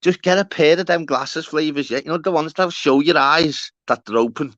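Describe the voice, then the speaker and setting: A man's voice: fairly high pitch, moderate pace, fairly bright tone, dry recording, highs cut off. A man from Liverpool with a Scouse accent, hosting a rambling, casual live stream, swearing and calling his viewers by name. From Walton, Liverpool, England.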